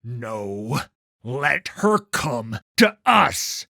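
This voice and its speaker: A man voicing a stern, cold middle-aged male mage hunter who speaks slowly and loudly with a menacing edge. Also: medium pitch, sing-song, gravelly, breathy edge, no echo, clean studio sound, pitched above the performer's own voice, exaggerated voice. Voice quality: slow, loud, menacing delivery.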